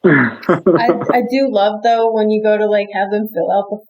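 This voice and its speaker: A woman's voice: mid-range voice, normal speed, dull audio. Woman guest telling amused anecdotes. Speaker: podcast guest. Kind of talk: casual chat.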